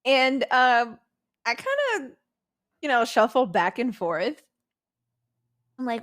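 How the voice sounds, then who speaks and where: Soft-spoken hesitant woman player. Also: on the high side, sing-song, slow, long pauses. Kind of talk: tabletop role-play, in character.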